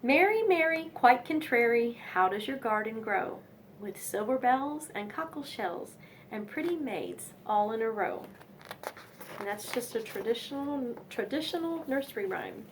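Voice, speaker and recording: A woman's voice: on the high side, lively intonation, measured pace, a little hiss or hum. A young woman reading nursery rhymes aloud in a sing-song manner, with chatty asides between poems.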